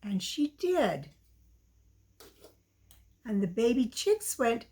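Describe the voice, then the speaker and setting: Slow sing-song woman telling a children's story. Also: a little high, very animated, darkish tone. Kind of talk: reading a children's story aloud.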